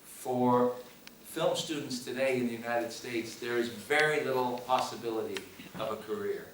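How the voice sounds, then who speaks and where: A man's voice: mid-range voice, moderate pace, a little hiss or hum. A man, a film director and teacher, telling a story at a screening Q&A with hesitant restarts. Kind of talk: public Q&A after a screening. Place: screening hall with audience. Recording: echoey hall, mic from far off.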